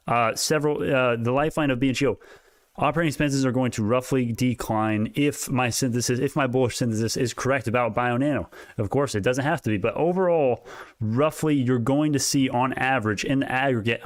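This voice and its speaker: A man hosting a live stock market stream, talking excitedly, laughing often and restarting his sentences, a little out of breath. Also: mid-range voice, no echo, clean studio sound. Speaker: stock market livestream host. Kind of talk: casual livestream talk.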